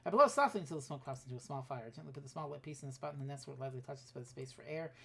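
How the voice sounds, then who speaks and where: A woman's voice: rumbling low, very fast, creaky, husky. A woman streamer reading a text adventure game aloud, with offhand asides and swearing.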